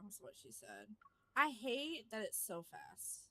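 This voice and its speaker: A woman streamer giving live gameplay commentary, excitable and quick to shriek and laugh, repeating "hold up" and "girl". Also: a little high, a little hiss or hum.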